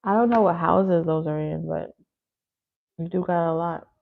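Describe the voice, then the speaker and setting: Playful gravelly woman on a tinny line. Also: lowish voice, moderate pace. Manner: playful, teasing, laughs easily. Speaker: tarot reader live-streaming to viewers. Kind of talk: casual live-stream chat. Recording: phone-like lo-fi audio.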